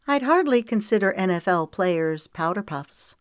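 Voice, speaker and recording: A woman's voice: medium pitch, lively intonation, moderate pace, smooth, dry recording, studio quality, close to an everyday voice. A woman narrator voicing a huge, powerful man who plays football and talks with confidence. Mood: confident.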